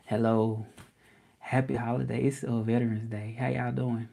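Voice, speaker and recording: A man hosting a casual livestream, relaxed and rambling, often repeating himself. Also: lowish voice, normal speed, creaky. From Memphis, Tennessee. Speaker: language teacher and livestream host.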